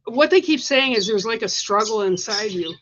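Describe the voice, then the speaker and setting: A woman giving a livestreamed oracle card reading with a gentle, reassuring manner, coughing now and then. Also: mid-range voice, expressive, moderate pace, dull audio, noisy background. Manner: gentle, reassuring, coaxing with "right?" and "okay?". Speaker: spiritual card reader.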